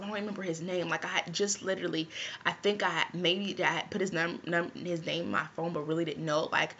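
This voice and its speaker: A woman's voice: lowish voice, pushed and bright, breathy edge. A woman vlogger telling a personal story to her viewers in a casual, chatty way, often checking in with "right?". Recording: dull lo-fi recording.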